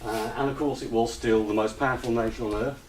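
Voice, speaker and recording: Guy giving a talk w/ slides, halting, ums everywhere, faint hiss, roomy sound. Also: medium pitch. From United Kingdom. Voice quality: hesitant, many ums and uhs. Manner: relaxed, gently humorous. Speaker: lecturer. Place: retreat lecture room with audience. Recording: roomy echo, distant mic, faint hiss.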